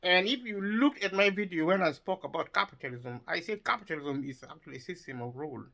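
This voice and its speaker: Guy ranting on his channel, bit high, bright sharp voice, stumbles and repeats words a lot. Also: lively intonation, quick pace, creaky, rough recording. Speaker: video commentator. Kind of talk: opinion monologue.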